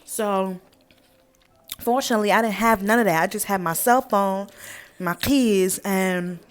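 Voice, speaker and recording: A woman's voice: mid-range voice, unhurried, soft background music. A young woman telling an emphatic, profane story on her vlog. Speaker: vlogger.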